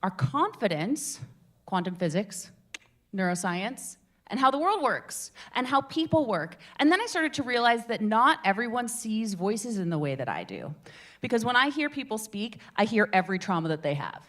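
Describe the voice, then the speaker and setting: A woman in her twenties hosting a public speaking meetup, telling stories to a live group in a theatrical, animated way. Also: normal speed. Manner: animated, theatrical storyteller with big swings in pitch and volume. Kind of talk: lively workshop talk to a live group.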